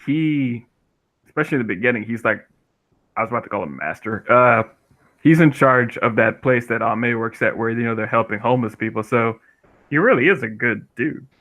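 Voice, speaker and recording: A man's voice: medium pitch, fairly quick, fairly bright tone. A man co-hosting a casual gaming podcast, explaining his views thoughtfully and at length. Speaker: podcast co-host.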